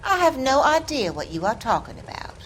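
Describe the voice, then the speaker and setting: A woman's voice: sits high, big pitch swings, fairly quick, slight background noise, poor audio. A defensive southern landlady. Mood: evasive. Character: southern landlady, defensive, guarding her reputation. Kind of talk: video game voice acting.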